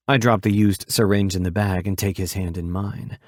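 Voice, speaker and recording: Steady low-voiced male audiobook narrator. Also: moderate pace, few pauses, dry recording, studio quality.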